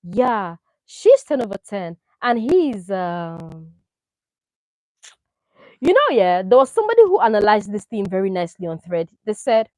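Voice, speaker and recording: A woman doing casual, opinionated commentary on a reality show, animated and full of rhetorical questions. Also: mid-range voice, measured pace, dry recording, rough recording. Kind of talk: casual chat.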